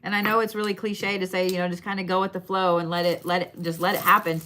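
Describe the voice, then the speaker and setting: A woman's voice: on the low side, little pitch movement, fast, pushed and bright, slight background noise. A woman giving bone readings on a live stream in a casual, chatty way, swearing now and then and talking straight to her viewers. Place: her shop.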